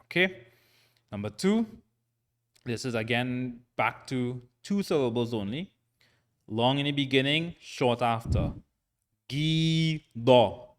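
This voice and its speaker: A man teaching a recorded Quran reading lesson, patient and checking in often, sounding out syllables slowly and repeating them. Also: mid-range voice, expressive. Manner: slow, patient, frequent "right?" check-ins.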